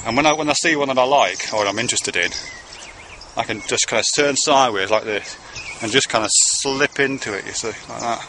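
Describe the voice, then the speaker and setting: A medium-pitched man talks a little fast over background noise, addressing his son in a rambling, on-camera monologue. He keeps it conversational and swears casually now and then.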